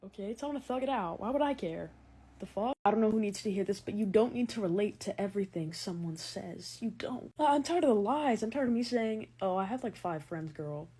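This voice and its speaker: A woman's voice: medium pitch, a little fast, warm tone, breathy edge. A young woman delivering a sarcastic comedic rant with exaggerated shifts in tone. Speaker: comedy content creator.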